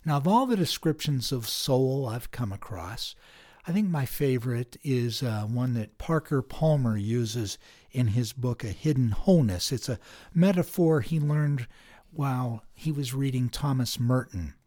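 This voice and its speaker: A man's voice: medium pitch, lively intonation, warm tone. Reflective man hosting a meditation podcast. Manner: storytelling, measured and thoughtful. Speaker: podcast host.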